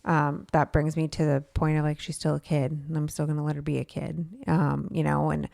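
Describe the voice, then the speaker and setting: Gravelly podcast lady, mellow tone, dry close mic, lots of um and like. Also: sits low, little pitch movement, brisk, no room sound. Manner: chatty, many fillers like um and like. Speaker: podcast co-host. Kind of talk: casual chat.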